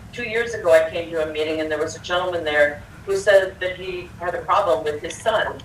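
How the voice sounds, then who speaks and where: A woman's voice: on the low side, recorded from a distance, a little hiss or hum. An older woman speaks her mind at a school board meeting, impassioned and confrontational. Her voice echoes through a roomy hall, caught from some way off the mic. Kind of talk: public comment speech. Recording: echoey hall, picked up from afar.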